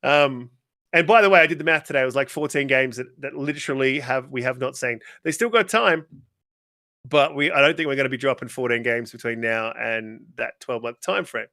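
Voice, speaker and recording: Bright, forceful ranting male gamer. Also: mid-range voice, fairly quick, vocal fry, no echo, clean studio sound. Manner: ranting, profane, animated. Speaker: guest gamer. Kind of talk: casual interview chat.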